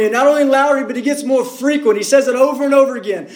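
A man with a notably high voice preaching a sermon, his delivery swinging from hushed, low lines to loud, raised cries. The sound is roomy and echoey. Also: fast, few pauses. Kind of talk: expository sermon.

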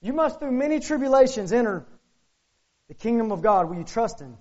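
A pastor preaching a sermon, firing off rhetorical questions and swinging between loud, urgent lines and hushed ones. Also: male voice, very high-pitched, sing-song, brisk. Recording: muffled lo-fi sermon recording.

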